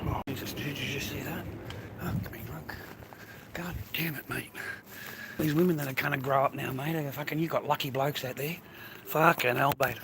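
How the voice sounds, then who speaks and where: A man's voice: medium pitch, steady tone, normal speed, long pauses. An older man with an Australian accent, livestreaming a blunt, profane street rant and calling everyone "mate" and "bro". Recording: noisy outdoor phone stream.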